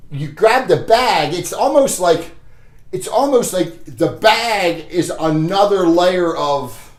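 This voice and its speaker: Blunt high-voiced man giving a sales pep talk. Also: expressive, takes it slowly, darkish tone, echoey room. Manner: chuckles between points. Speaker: Medicare sales trainer. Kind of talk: casual motivational training talk.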